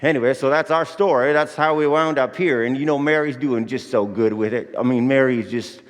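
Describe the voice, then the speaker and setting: A man's voice: mid-range voice, a little fast, lightly acted. An actor playing Joseph as a folksy, anxious young father, drawling with country grammar, in a church Christmas monologue. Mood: fretful. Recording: echoey church hall.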